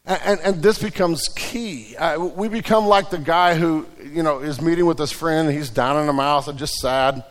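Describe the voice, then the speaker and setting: High-voiced preacher in a reverberant hall. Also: male voice, normal speed, few pauses. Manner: conversational preaching with repeated restarts and told anecdotes. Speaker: pastor. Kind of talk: sermon.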